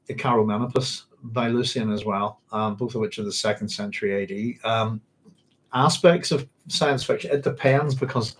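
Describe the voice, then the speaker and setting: Husky, rambling man. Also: medium pitch, low-quality recording. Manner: rambling, many ums and restarts. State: hiccups and sore throat. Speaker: book club host. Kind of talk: casual live-stream chat.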